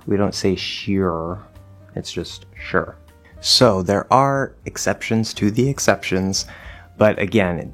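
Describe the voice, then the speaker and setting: Low, unhurried male pronunciation teacher. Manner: patient, repeats example sounds slowly. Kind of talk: explanatory lesson.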